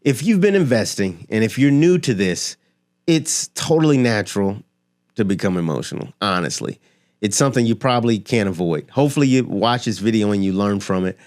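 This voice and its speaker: A man's voice: fairly low pitch, very animated, a little fast, a little mellow. A man speaking straight to his viewers in a motivational talk about money, emphatic and building his points with rhetorical questions and repetition. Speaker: finance and motivation creator. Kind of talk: direct-to-camera motivational talk.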